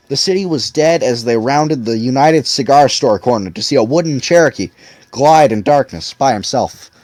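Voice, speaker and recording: A man's voice: medium pitch, lively intonation, moderate pace, a little mellow, dry recording. A man reading a novel aloud expressively as audiobook narrator. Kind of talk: scripted narration.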